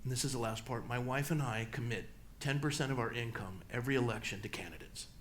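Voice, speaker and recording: A middle-aged man, a pastor speaking in a church, talking emphatically and swinging between loud peaks and low, slow passages. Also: slight background noise. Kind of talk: church talk and Q&A answer. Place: church hall.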